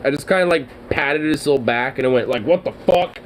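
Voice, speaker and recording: A man's voice: medium pitch, fast, rough recording. Profane, rambling man with faint hiss. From Oregon, US. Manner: profane, excitable, trailing off with fillers. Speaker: streamer. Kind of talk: casual rambling chat.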